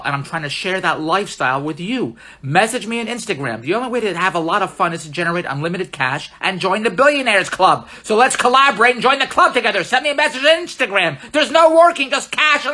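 An older man vlogging on his phone, pitching money tips in a boastful, excitable, repetitive way. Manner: boastful, excitable sales pitch, repeats himself, laughs at his own jokes. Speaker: social media entrepreneur. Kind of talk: casual selfie vlog monologue. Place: out and about in a shopping mall and streets.

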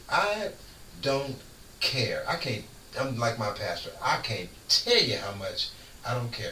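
A man who is a guest on a radio show, preaching in casual chat with fervent, lively storytelling. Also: medium pitch. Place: radio studio. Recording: echoey room, far from mic, faint noise.

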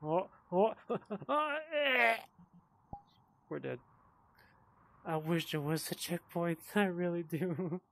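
A slightly drunk man talks his way through a VR game in loose, casual commentary. His voice sits a little higher than most men's, and he keeps cursing, muttering under his breath and then flaring up in frustration. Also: fairly even intonation, unhurried, creaky, darkish tone. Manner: swears a lot, frustrated outbursts and mumbled asides. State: tipsy from drinking. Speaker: VR gamer.

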